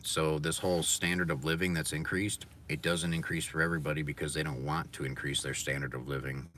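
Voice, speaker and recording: A man's voice: rumbling low, level tone, fairly quick, a bit bright, slight background noise. A man hosting a livestream, talking in a blunt, profane, ranting way. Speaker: livestream host. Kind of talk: casual livestream rant.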